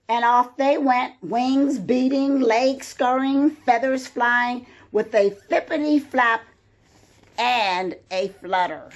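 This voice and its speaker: Woman storyteller for kids, slow, expressive read-aloud, fairly high voice. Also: muffled recording.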